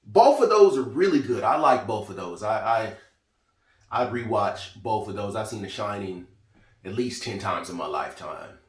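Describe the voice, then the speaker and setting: A man's voice: on the low side, moderate pace, distant mic. Chatty man reviewing a show, roomy. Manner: chatty, lively, quotes characters in small voices. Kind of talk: casual spoken review. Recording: roomy echo, from off mic.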